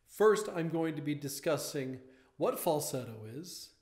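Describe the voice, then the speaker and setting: A man's voice: fairly high pitch, darkish tone. A man teaching a vocal lesson, explaining step by step as he points to a diagram.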